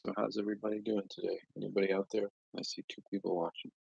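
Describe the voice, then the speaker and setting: An American man chatting casually on a live stream, rambling and joking with long pauses. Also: little pitch movement, a little mellow, no echo. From United States. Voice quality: slow, low, gravelly voice. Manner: rambling, jokey, drawn-out phrasing with long pauses. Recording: dull, lo-fi, dry stream audio.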